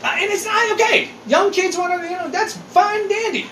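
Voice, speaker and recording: A man's voice: very high voice, fairly quick, sharp tone, slight background noise. A man in his forties in casual chat, ranting with lots of swearing and exasperation. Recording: echoey room.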